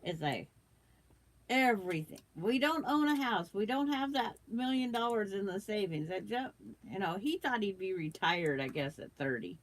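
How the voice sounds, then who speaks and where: A woman's voice: mid-range voice, expressive, normal speed. An older woman hosting a quilting livestream, chatting casually with viewers while she sews and trims fabric, with the hiccups.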